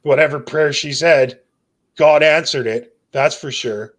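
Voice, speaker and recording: A young man with a fairly high-pitched voice speaks unhurriedly as the guest telling his near-death story. His casual speech, sprinkled with "bro" and "dude," makes for intense, earnest, emotional personal testimony.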